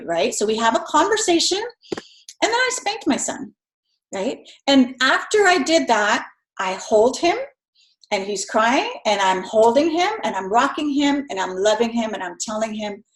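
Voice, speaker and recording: A woman's voice: on the high side, sing-song, normal speed, roomy sound, rough recording. A middle-aged woman giving a recorded lecture in a conversational way, often checking in with "right?". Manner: conversational, keeps adding "right?". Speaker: instructor.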